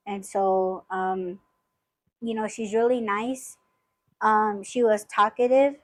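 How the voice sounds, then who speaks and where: A woman's voice: mid-range voice, steady tone, slow pace, dry recording, low-quality recording. A woman hosting a podcast, telling a story in casual chat, swearing freely and rambling with lots of fillers. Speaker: podcast host.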